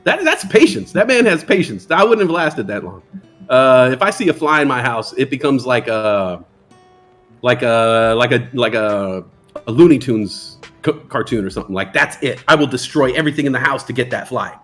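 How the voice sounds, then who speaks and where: Soft music plays behind this New York man as he runs a relaxed trading livestream, reading viewer comments aloud and cracking jokes. His mid-range voice is animated and a bit bright, moving at normal speed.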